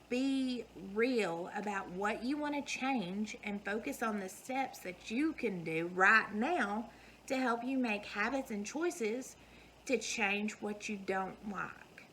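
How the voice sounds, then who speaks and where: A woman's voice: mid-range voice, fairly bright tone, a little hiss or hum, rough recording. A woman, giving an earnest, folksy motivational talk to her viewers. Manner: earnest, folksy, emphatic repetition. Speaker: vlogger.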